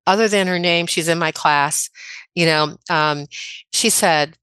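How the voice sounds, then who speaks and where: A woman in her sixties from the American Midwest, a chiropractor telling personal stories in a casual interview, chatty and quick to laugh. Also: fairly low pitch, fairly bright tone, clear, resonant tone, dry recording. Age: 60s. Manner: chatty, anecdotal, laughs often. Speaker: podcast guest, chiropractor.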